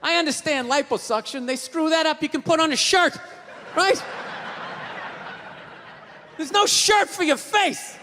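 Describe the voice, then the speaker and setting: A man doing a stand-up routine, ranting loudly and swearing a lot. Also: very high-pitched, unhurried, pauses often. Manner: ranting, profane, loud and emphatic. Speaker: stand-up comedian. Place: comedy stage before a live audience. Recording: live stage recording, long reverb, audience noise.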